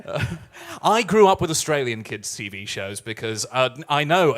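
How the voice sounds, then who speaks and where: A Scottish man emcees a live musical theatre night at a music club, bantering in a playful, self-deprecating cabaret style. His medium-pitched voice is sing-song, at a moderate pace with hardly any pauses.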